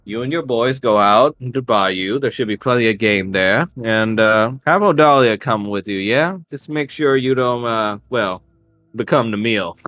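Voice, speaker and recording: A man's voice: mid-range voice, unhurried, fairly bright tone, close to an everyday voice. A man voicing a sly, coaxing older woman of the bayou who sniffs at strangers and eats people. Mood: knowing.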